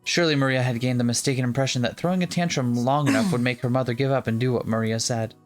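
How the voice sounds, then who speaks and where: A let's-play co-host narrating a visual novel in an even, mid-range voice, reading the passages steadily but with a playful streak that breaks through between them. The delivery is casual rather than polished. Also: medium pitch, fast, faint music behind. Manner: playful, breaks into laughter and jokes.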